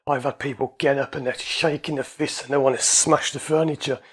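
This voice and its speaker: A man's voice: mid-range voice, steady tone, a little fast, husky. A man, an anxiety coach and hypnotherapist, explaining his ideas in a casual, conversational way and repeating his points.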